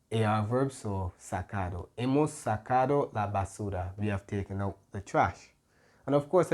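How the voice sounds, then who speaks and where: A man teaching a grammar lesson, explaining patiently and pausing often with soft "mm-hmm" fillers. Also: fairly low pitch. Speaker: Spanish tutor.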